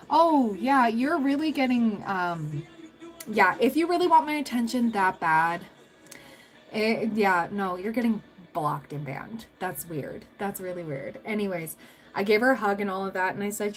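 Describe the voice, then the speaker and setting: A woman's voice: mid-range voice, rough recording. A young adult woman hosting a tarot livestream, chatting casually with viewers, rambling through stories and laughing often.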